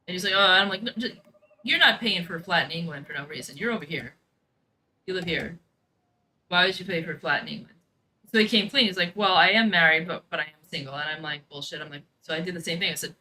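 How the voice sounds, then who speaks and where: A woman's voice: low-pitched, fast talker, pushed and bright, slight background noise. A woman streamer chatting casually while she plays a game, telling stories and acting out the lines of people in them, with some swearing. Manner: chatty storyteller, acts out quoted lines. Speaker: gaming streamer.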